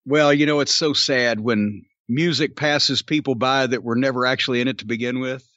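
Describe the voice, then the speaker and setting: An older man with a bright, forceful voice picks things apart with dry, sardonic mockery in casual podcast chat. His voice is close-miked and dry, with a slightly dull sound. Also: medium pitch, steady tone, normal speed, no echo. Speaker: podcast host.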